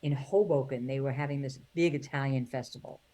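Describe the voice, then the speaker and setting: A middle-aged New York woman, a singer and comedian, tells family stories in an animated interview, voicing her relatives and laughing a lot. Her voice is bass and mellow, and she talks fairly quickly.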